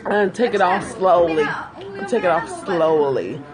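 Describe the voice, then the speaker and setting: Woman livestream host, slow and chatty, bubbly, crowd noise behind. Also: on the low side. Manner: chatty, animated, laughs often, calls viewers girl. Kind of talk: casual livestream chat with viewers.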